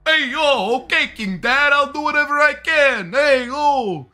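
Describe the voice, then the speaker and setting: A man's voice: extremely high pitch, expressive, measured pace, faint music behind, voice pushed up, exaggerated voice. A man voicing a brash young male reptile henchman from a cartoon. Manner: brash, yelling.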